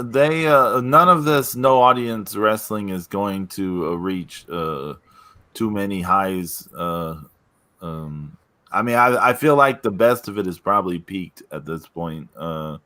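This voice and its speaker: A man hosting a casual wrestling podcast, hesitant and full of fillers, trailing off quietly. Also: low-pitched, a little slow. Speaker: podcast host.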